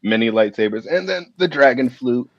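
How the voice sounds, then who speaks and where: A man's voice: medium pitch, expressive, normal speed, dry recording, lo-fi sound. A man calling in to a talk show, chatting casually in a laid-back, friendly way. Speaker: caller. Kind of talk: casual chat.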